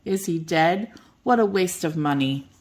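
A woman voicing a cruel male cart master who speaks in a gruff, dismissive way. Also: lowish voice, animated, unhurried. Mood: scornful.

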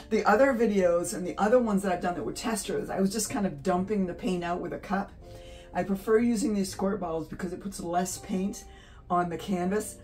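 An art channel host paints in her home studio, talking casually in a low, darkish voice picked up by a distant mic. Chatty and giddy, she laughs easily between thoughts, with faint guitar music beneath her voice.

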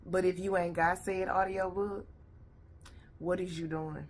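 A woman's voice: lowish voice, level tone, measured pace, pauses often. A woman vlogger chatting casually to her viewers, blunt and profane, tired and her voice a little worn. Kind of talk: casual reaction video chat. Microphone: headphones on.

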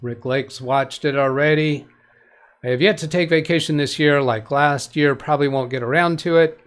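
A man's voice: a little high, steady tone, normal speed, clear, resonant tone. A man hosting a live tech help stream. He reads viewer comments aloud in a rambling way, corrects himself often, and gives plain practical advice. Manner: rambling, with frequent self-corrections and restarts.

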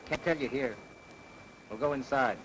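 An actor playing a pushy stranger who insists on talking in private, in a 1930s film. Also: male voice, medium pitch, normal speed, background noise, natural voice. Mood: insistent. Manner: insistent, hushed. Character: pushy male stranger with a secret.

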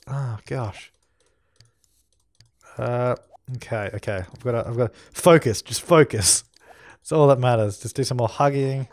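A man's voice: mid-range voice, measured pace, long pauses, no echo. Chatty man narrating his gameplay. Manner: chatty, talks to his characters as he plays. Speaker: let's play host. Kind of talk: casual gameplay commentary.

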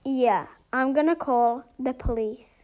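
A woman's voice: high voice, slow pace, darkish tone. A woman playing the lead in her own game role-play story, talking in an emotional, dramatic way. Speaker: storyteller and main character.

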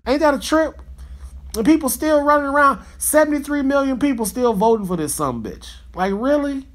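A man's voice: very high voice, animated, moderate pace. A man hosting a podcast, ranting in a fired-up, profane, slangy way in a casual monologue. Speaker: podcast host.

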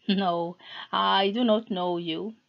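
A woman voicing an old, toothless witch who talks in a calm, knowing way in a storybook reading. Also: medium pitch, slow pace, creaky, dull audio. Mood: welcoming.

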